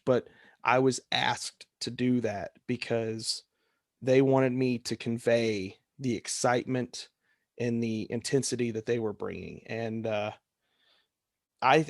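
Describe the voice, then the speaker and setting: A man's voice: mid-range voice, no room sound. Man telling a story in a dry voice. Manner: animated, acts out counts and shouts while telling a story. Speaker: wrestling referee. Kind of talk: casual podcast storytelling.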